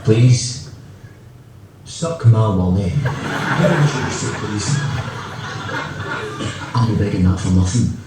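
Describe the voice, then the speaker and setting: A man's voice: on the low side, slow, pauses often. A man with a Scottish accent playing a sarcastic, blunt Scotsman trapped in a lift. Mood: scornful. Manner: mocking, blunt. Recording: comedy clip played in an echoey hall, from far off.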